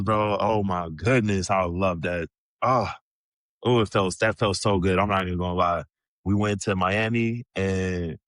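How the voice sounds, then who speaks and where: A man in his thirties, a podcast guest telling animated, profane stories full of casual slang. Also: low voice, no room sound. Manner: profane, animated storyteller, many "bro" and "like" fillers. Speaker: podcast guest, former pro basketball player. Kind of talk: casual storytelling.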